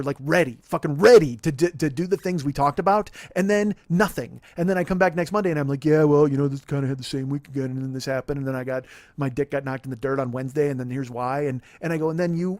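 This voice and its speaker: A man's voice: a little high, quick pace, a little mellow, no room sound. A man in his forties hosting a podcast, ranting in a profane, self-deprecating, rambling way. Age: 40s. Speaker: podcast host. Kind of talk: casual comedic rant. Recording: dry close-mic studio sound.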